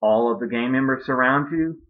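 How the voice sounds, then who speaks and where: A man doing deadpan gang guys, lower and quieter than his own voice, dull lo-fi sound. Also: normal speed, natural voice. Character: low-key male gang members, blunt and matter-of-fact. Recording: dull lo-fi recording.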